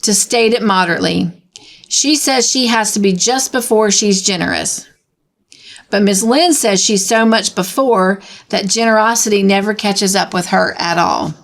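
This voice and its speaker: A woman's voice: mid-range voice, normal speed, close to an everyday voice. A woman reading aloud and voicing a chatty, gossipy teenage girl.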